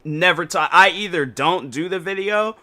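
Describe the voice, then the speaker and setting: A man's voice: high-pitched, moderate pace, sharp tone. A man streaming and reacting to a video, rambling and incredulous, full of fillers and restarts. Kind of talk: casual reaction stream commentary.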